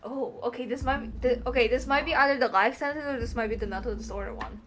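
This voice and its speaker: A woman chatting through a game, easily spooked and reading on-screen text aloud in halting bursts. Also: a little high, fairly bright tone. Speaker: gamer playing a courtroom game. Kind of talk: gameplay commentary. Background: game music.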